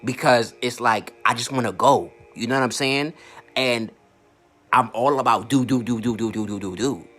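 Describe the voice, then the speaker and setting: A man coaching on online marketing speaks in a loose, unscripted rant. His talk is blunt and full of swearing, and he often stumbles over repeated words as his thoughts run ahead. His pitch sits in the ordinary middle for a man. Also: moderate pace, fairly bright tone, soft background music. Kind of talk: casual to-camera rant.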